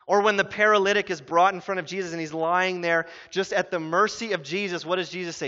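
A man in his thirties preaching a sermon as pastor, telling stories with quick voiced asides. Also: high voice, fairly even intonation, pushed and bright. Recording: muffled sound in a reverberant hall.

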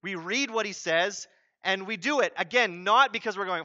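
A man's voice: sits high, normal speed, sharp tone, dry recording, dull audio. A man preaching a sermon as pastor, conversational and emphatic, acting out what people say.

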